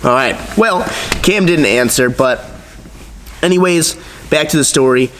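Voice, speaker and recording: A young man vlogging, telling a story in a casual, animated, profane way and acting out the voices of others. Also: fairly high pitch, a little slow, big-room sound, heavy background noise.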